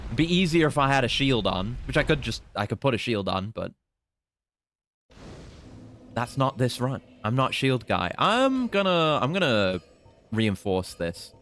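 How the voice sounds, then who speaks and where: A man's voice: mid-range voice, a bit bright, a little hiss or hum. A young British man giving casual, chatty commentary while streaming a game, swearing and teasing enemies. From Britain.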